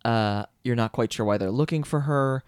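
A man chats on a podcast about books he loves, enthusiastic and a little rambling. His voice sits at a middle pitch, recorded close and dry with no room sound. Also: moderate pace, clean tone, dry recording. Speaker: podcast co-host. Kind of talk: casual chat, book recommendation.

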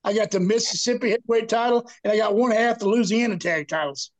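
An older man with a drawl tells profane stories from his past. His voice sits very high for a man, and he delivers the tales in a lively, animated way. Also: fast talker. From Texas. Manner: salty, profane, animated storyteller. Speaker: guest. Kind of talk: casual storytelling.

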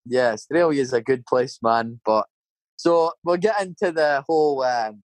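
Here the middle-aged Scottish man, Scottish accent intact, speaks a little slowly and expressively at medium pitch, rambling through casual anecdotes full of swearing and tag questions. The audio has no echo.

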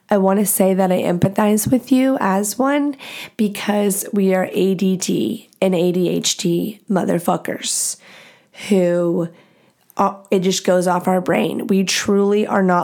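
A woman hosting her own podcast, giving blunt, profane relationship advice in a fast, animated, casual way. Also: fairly low pitch. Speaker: podcast host. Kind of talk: casual solo podcast talk.

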